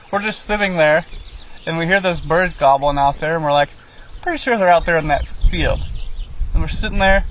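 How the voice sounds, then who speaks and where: Young man telling a hunting story. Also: fairly high pitch. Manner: animated storyteller, acts out quotes. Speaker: hunter, son. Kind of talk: casual outdoor recounting. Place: outdoors in rural fields. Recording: dull outdoor audio, faint field noise. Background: crickets and insects.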